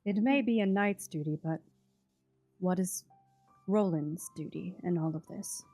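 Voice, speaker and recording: A woman player in a tabletop game who speaks in a halting, sincere way with many fillers. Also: on the low side, warm tone, soft background music. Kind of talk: in-character tabletop role-play.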